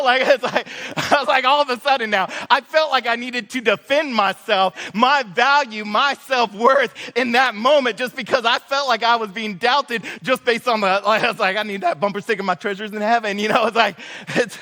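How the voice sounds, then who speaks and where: A man preaching a sermon, his voice sitting high and bright. He tells stories in a loose, joking way, with plenty of "uh" and "like". The sound rings with long reverb from a big church hall. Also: normal speed. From Northwest Arkansas. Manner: casual, joking storyteller with many fillers. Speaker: pastor. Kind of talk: sermon with storytelling. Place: church sanctuary.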